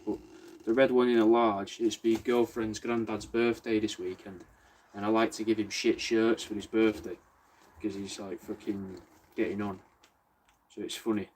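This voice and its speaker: A man's voice: lowish voice, darkish tone. A young man hosting a casual craft stream, joking and swearing freely in laid-back banter. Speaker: podcast host livestreaming crafts. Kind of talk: casual chat.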